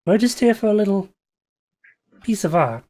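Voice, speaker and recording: A man voicing a smooth-talking male gang leader with a heavy Southern US drawl, calm and coaxingly menacing. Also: high voice, normal speed, voice pushed up.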